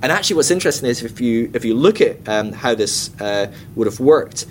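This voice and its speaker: A man leading a Bible study class in a casual, chatty way, full of comic asides and quick acted-out quotes. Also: mid-range voice, animated, slight background noise.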